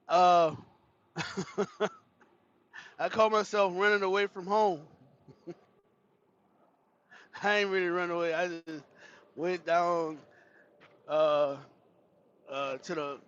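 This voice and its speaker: Animated high-voiced man telling a story. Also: slow pace, long pauses, dull audio. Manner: animated, laughing, profane storyteller. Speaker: livestream host. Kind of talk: casual storytelling to a live chat.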